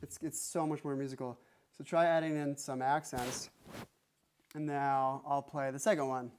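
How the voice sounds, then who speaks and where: A man's voice: mid-range voice, flat delivery, normal speed. A man teaching drums in a music lesson, talking plainly and counting beats aloud as he plays. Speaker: drum teacher. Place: music room with drum kit. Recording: drums loud behind the voice.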